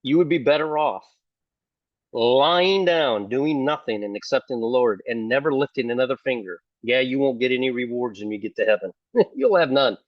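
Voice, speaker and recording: A man's voice: mid-range voice, expressive, moderate pace, dry recording, dull audio. An older man preaching casually to camera, sarcastic and fond of mocking others in put-on voices. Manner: sarcastic, mimics opponents in mock voices. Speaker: online preacher.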